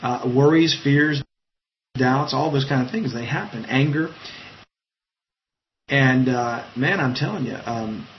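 Casting note: man giving a casual live-streamed Bible talk, halting and chatty, slightly dull sound with faint noise. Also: medium pitch. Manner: conversational, halting, with many fillers and restarts. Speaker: preacher leading an online Bible study.

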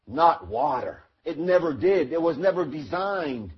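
A man's voice: on the high side, lively intonation, a little slow, husky, dull audio. A man preaching a sermon, teaching verse by verse and acting out the scene in the story. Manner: storytelling, acts out the crowd and Noah, rising to shouts.

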